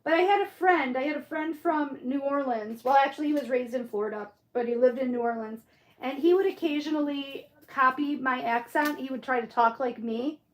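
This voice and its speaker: Chatting casually on a craft livestream, a middle-aged woman with a Michigan accent, from Michigan, reads viewer comments, answers them and muses aloud. She speaks a little fast in a high-pitched voice, and the room is echoey.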